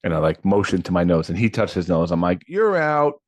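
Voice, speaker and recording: A podcast co-host in his thirties speaks fast in a low voice, laughing often while he tells stories and acts out quotes in an animated, casual style. There's no echo on the recording.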